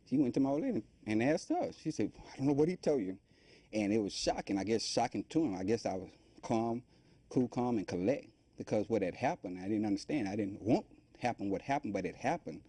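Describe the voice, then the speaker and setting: Brisk and husky with a lowish pitch, this middle-aged guest tells his life story in an interview. His telling is animated, loose and rambling, full of colloquial speech and impressions of the people he quotes.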